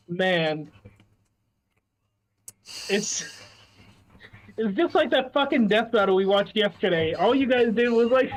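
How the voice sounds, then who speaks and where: A man's voice: high voice, expressive, unhurried, long pauses, poor audio. A man streaming live, chatting casually and swearing as he teases his friends. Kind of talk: casual chat.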